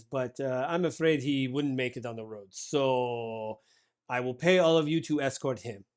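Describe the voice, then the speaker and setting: A man's voice: on the high side, clear, resonant tone, natural voice. A man voicing a flustered female shopkeeper and potion maker who stammers and keeps asking the listener to hang on.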